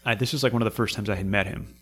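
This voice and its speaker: A man's voice: on the low side, fairly even intonation, rapid-fire, pushed and bright. A Canadian man telling long, rambling stories in casual chat, swearing often and repeating words while he searches for them.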